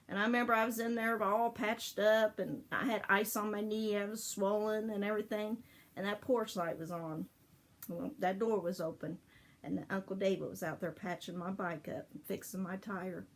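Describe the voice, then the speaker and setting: A woman's voice: medium pitch, fairly even intonation, normal speed. An older woman telling childhood family stories in a casual, rambling way, laughing often as she remembers. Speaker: storyteller. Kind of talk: casual memorial storytelling.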